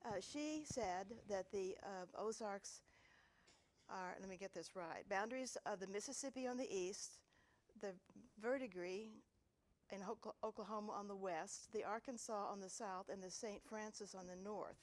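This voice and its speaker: A woman giving an author talk, reading quotations slowly and in a relaxed way. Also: medium pitch, poor audio. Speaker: author and book editor. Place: public talk in a university library.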